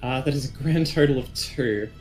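A man's voice: mid-range voice, darkish tone, soft background music. A man casually describing his character's actions as a player in a tabletop game. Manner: casual, quick, hesitant with fillers.

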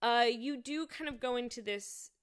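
A woman talking through her reactions to a show in a thoughtful, halting way, with frequent fillers and restarts. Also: fairly high pitch, clear, resonant tone. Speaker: commentator reviewing a show. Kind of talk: casual spoken commentary.

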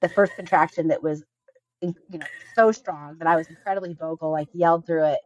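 A woman's voice: deep voice, steady tone, brisk, a little mellow, no room sound, muffled recording. A woman in her thirties, a podcast guest, telling a personal story in a chatty, earnest way with frequent filler words.

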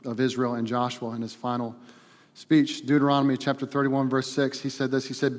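A man preaching a sermon as pastor, swinging between loud emphatic passages and quiet, hushed ones. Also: medium pitch, level tone, fairly quick. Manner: builds to loud emphatic preaching, then drops to a hushed prayer. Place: church hall. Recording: long hall reverb.

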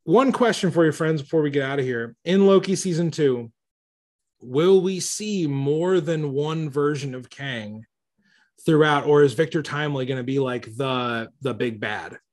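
A man with a slightly high voice hosts a casual movie podcast. He talks with rambling enthusiasm and often circles back to restart his sentences. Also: measured pace, a little mellow. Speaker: podcast host.

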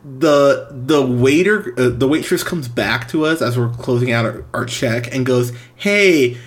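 A man's voice: mid-range voice, unhurried. Exasperated young man telling a story. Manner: animated, exasperated, breaks into laughs. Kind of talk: casual anecdote telling.

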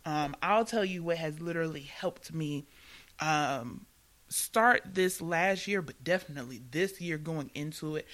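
A woman co-hosting a casual faith podcast, animated, laughing often and repeating words when excited. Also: deep voice. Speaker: podcast co-host.

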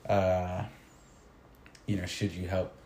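A teacher with a deep, mellow voice talks slowly and monotonously in a casual conversation. He sounds reflective, often hesitating and restarting his sentences. The room is echoey, with faint noise.

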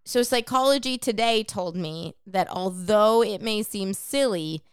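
A woman talking casually on a podcast, blunt and freely swearing as she lays out her point at length. Her voice is smooth and resonant, and the sound is close and dry with no room echo. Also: medium pitch, measured pace. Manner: frank and profane, explaining at length. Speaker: podcast co-host. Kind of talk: casual chat.

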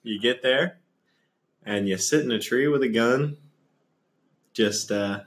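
A man's voice: mid-range voice, slow. A young man co-hosting a podcast, laid-back with dry humor in casual chat. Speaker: podcast co-host.

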